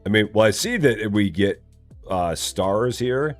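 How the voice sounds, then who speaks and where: A man's voice: on the low side, animated, a little slow, faint music behind. A man streaming a game live, chatting casually, reading chat aloud and joking in a rambling way.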